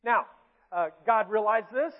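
High-voiced Southern pastor in an echoing hall. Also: male voice, unhurried. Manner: conversational preaching, asks the congregation questions, light self-mocking asides. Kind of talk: sermon. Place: church sanctuary. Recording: tinny phone-like sound with long hall reverb.

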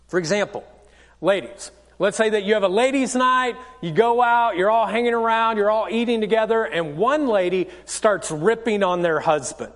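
High-pitched guy pastor giving a sermon, chatty and practical, big echoey church hall. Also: animated, moderate pace. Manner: practical, conversational preaching with acted-out quotes.

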